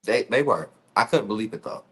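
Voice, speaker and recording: A man with a low voice talks as an interview guest. He is blunt and candid, drops slang and laughs often while he tells his side. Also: animated, brisk. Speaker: reality show cast member, guest. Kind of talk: casual interview chat.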